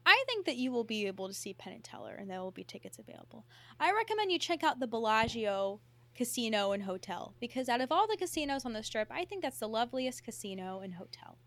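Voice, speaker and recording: A woman co-hosting a podcast, talking in a casual, animated way with lots of filler words. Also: fairly high pitch, fast, dry recording. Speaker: podcast co-host. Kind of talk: casual chat.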